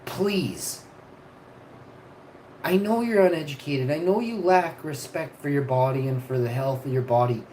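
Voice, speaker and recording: A man casually telling stories on a live stream, rambling and swearing, and getting loud when he is excited. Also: a little high, unhurried. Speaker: vlogger. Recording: echoey room, faint ambient noise.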